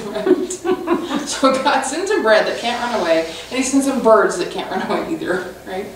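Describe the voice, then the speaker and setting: A woman pastor gives a lively, joking, conversational sermon in a slightly high voice. She is heard from a distance in a church sanctuary with a heavy echo and a faint hum behind her. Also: normal speed. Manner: animated, humorous, conversational storytelling. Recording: echoey hall from far off.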